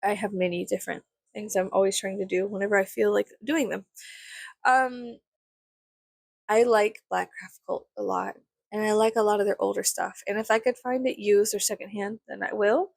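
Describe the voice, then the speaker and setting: A woman's voice: medium pitch, steady tone, normal speed, creaky, dry recording. Rambling, swearing young woman vlogger. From South Texas. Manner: rambling, swears freely, lots of fillers. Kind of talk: casual rambling chat.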